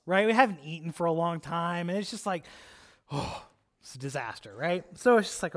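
A man preaching, telling a personal story in an animated, chatty way, with lots of "like" and "right?". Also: high-pitched, quick pace. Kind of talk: storytelling sermon.

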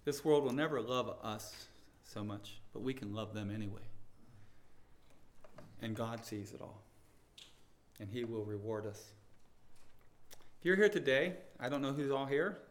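A man preaching a sermon, telling stories and swinging between loud proclaiming and hushed pleading. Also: medium pitch, lively intonation, a little slow, pauses often. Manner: storytelling with quoted dialogue.

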